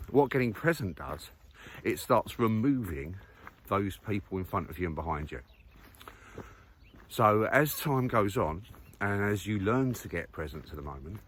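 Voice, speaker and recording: A man's voice: fairly low pitch, animated, unhurried, fairly bright tone, a little hiss or hum. Man rambling on a country walk. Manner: rambling, many fillers, thinking aloud. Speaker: vlogger. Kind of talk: casual walking monologue. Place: outdoors on a muddy countryside walk.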